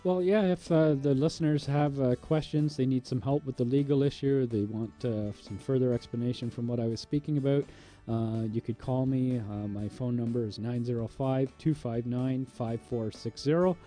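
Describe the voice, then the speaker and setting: A man, a paralegal guest on a radio show, giving measured advice with some fillers. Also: medium pitch, warm tone, faint music behind. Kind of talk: casual radio interview.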